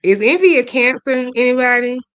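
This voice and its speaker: A woman hosts a casual livestream, chatting and reacting to comments in a gossipy voice. Her tone is bright and forward, and the sound is close and dry with no room echo. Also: high-pitched, expressive, brisk, clear, resonant tone. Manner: chatty, gossipy, swings between loud and muttered. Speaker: livestream host.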